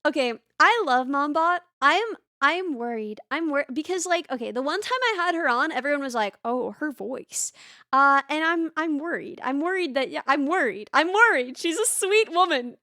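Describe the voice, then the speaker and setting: A woman's voice: high voice, lively intonation, moderate pace, few pauses, bright, forceful tone, no room sound, clean studio sound. A young woman streaming from home, chatting casually and rambling through stories and chat replies, with lots of restarts and laughs. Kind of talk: casual chat reading live chat.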